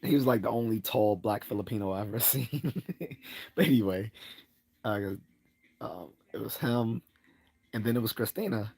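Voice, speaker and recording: With a husky, darkish voice full of vocal fry, this livestream host speaks at a moderate pace and pauses often. His personal story meanders casually, punctuated by laughter and by a raised voice whenever he acts out someone's words.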